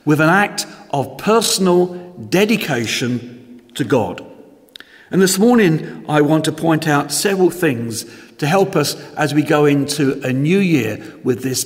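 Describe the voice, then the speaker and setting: A man preaching a sermon in church, measured and emphatic, posing rhetorical questions to his congregation. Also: a little high, animated, big-room sound.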